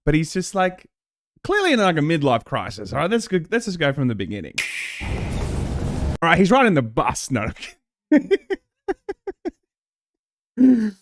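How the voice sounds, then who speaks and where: A man, giving a casual, animated reaction to a game ad. He laughs and swears often. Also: fairly high pitch, unhurried, pauses often, a little hiss or hum. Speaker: show host reacting to a game ad.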